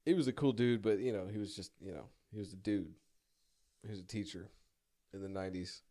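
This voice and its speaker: A man's voice: on the low side, a little fast, warm tone. A young man telling a personal story in a rambling, self-deprecating way, swearing casually and stumbling through many restarts.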